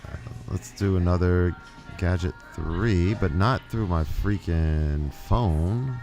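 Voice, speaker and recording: A man's voice: low-pitched, takes it slowly, a little mellow. A man casually talking through a music recording setup on a live stream, thinking aloud and correcting himself as he goes. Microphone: studio microphone.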